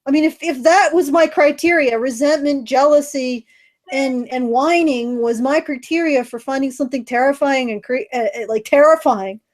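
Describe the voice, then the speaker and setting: High-voiced blunt woman podcast co-host. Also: moderate pace. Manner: blunt, profane, sarcastic. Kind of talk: casual chat.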